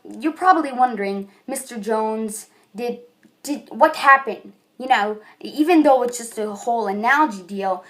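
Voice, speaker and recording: A woman's voice: on the high side, a bit bright. A woman giving a casual, rambling video book review, chatty and full of fillers.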